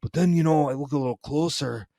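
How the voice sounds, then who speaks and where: A man co-hosting a comedy podcast, telling a meandering story in character and filling every pause with "you know". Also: on the high side, gravelly, dark tone, no room sound, clean studio sound. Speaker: podcast co-host.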